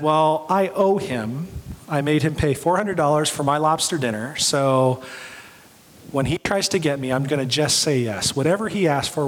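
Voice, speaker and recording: A young adult man giving a sermon as a pastor, telling stories and acting out the quoted voices. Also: on the high side. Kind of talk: sermon storytelling. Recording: long hall reverb.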